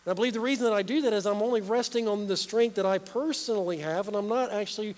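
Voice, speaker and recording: Man, preacher, sermon, earnest, repeats phrases, high voice, reverberant hall. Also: quick pace, a little mellow. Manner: earnest, repeats key phrases, asks questions of listeners.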